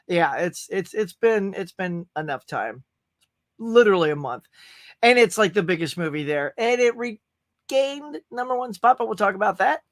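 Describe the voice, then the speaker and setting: A middle-aged man hosting a casual live stream, chatty and upbeat as he reads out viewers' comments. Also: high-pitched. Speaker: host.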